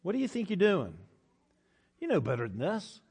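A man's voice: high-pitched, wildly swooping pitch, moderate pace, darkish tone, breathy edge, full character voice. A man preaching who voices God as a stern, questioning male voice scolding a runaway.

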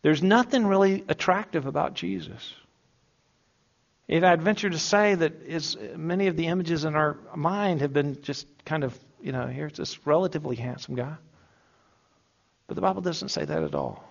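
Guy preaching, jokey and chatty, kinda high voice, muffled lo-fi sound. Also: gravelly. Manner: conversational and humorous, with emphatic slow stresses. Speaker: pastor. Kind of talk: sermon. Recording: dull lo-fi sound.

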